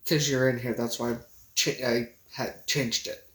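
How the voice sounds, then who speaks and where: A woman speaks casually into her phone on a livestream. She is emotional and halting, and she often breaks off and starts again. Her voice rings around an echoey room. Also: very deep voice, fairly even intonation, a bit bright. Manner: emotional, halting, with many pauses and restarts.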